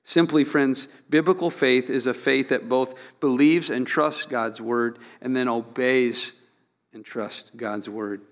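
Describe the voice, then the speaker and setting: A man preaching a sermon in an earnest, emphatic way, with sudden loud peaks and frequent restarts. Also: mid-range voice. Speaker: pastor.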